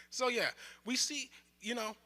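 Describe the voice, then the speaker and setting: A man's voice: extremely high pitch, slow pace. A young man teaching a bible study group in a casual, joking way, acting out quotes as he goes. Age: young adult. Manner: conversational, joking, with lively asides and acted-out quotes. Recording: roomy hall with long reverb.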